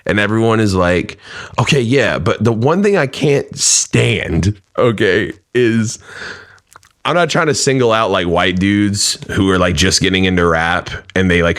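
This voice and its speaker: A man's voice: low-pitched, fairly bright tone. A man co-hosting a casual podcast, rambling with lots of "like" and swearing. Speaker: podcast co-host and rapper.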